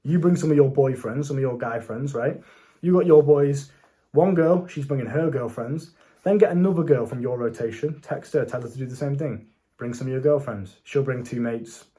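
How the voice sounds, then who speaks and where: A man's voice: medium pitch, normal speed, warm tone. A young man giving casual, unscripted dating advice, brash and swearing, talking straight to the viewer. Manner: brash and profane, swaggering slang, talks straight to viewer. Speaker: dating coach.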